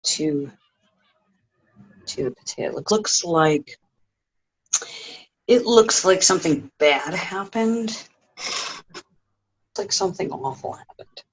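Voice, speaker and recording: A man's voice: high-pitched, lively intonation, slow pace, long pauses, low-quality recording. A man chatting casually through a home cooking vlog, making joking asides and talking to his cat in his kitchen. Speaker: home cook vlogger.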